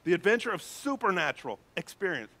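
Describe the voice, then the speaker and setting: A male pastor preaches with animated emphasis and often addresses the congregation directly. His voice sits high for a man. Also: fast talker. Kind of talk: sermon.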